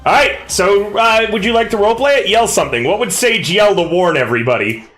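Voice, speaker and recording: A male game master with a very high, bright voice explains the rules casually and jokes with his players. His voice bounces around a roomy space with a faint music bed under it. His pitch rises and falls in a lively way. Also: brisk. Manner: joking, explains rules, laughs often. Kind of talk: casual tabletop game narration.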